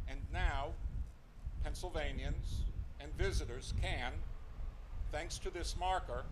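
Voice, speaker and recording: Slow, formal man speaking outdoors. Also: a little high, background noise. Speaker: herpetologist speaking at a ceremony. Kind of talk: prepared ceremony remarks. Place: outdoor street-corner ceremony.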